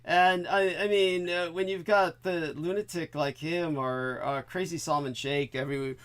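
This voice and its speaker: A man's voice: a little high, fairly even intonation, a little slow, a bit bright, clear, resonant tone. A man hosting a talk show in a casual, rambling way, full of fillers and restarts. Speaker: host.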